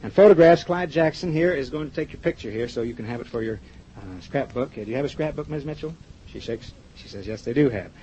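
A man hosting a live radio show, chatting with a guest and reading sponsor gifts in a brisk, chatty manner. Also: mid-range voice, animated, mellow. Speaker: radio host. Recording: dull 1950s radio broadcast with faint hiss.

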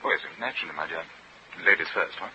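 A man's voice: low-pitched, fast, natural voice. A man playing a smitten lord in a 1940s radio drama, speaking in a courtly, genteel way. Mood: doting. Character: smitten English lord, polite and doting. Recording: muffled old radio recording with hiss.

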